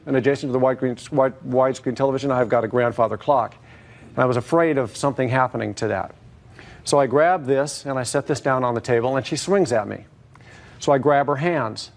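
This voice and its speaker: A man giving long, hesitant testimony as a plaintiff in a TV courtroom, full of fillers and restarts. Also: mid-range voice.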